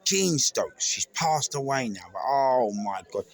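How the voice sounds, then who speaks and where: A man's voice: mid-range voice, lively intonation, unhurried, gravelly. A middle-aged man with a London accent, speaking an emotional, rambling tribute to camera with many restarts. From England. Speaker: vlogger. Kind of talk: casual tribute monologue.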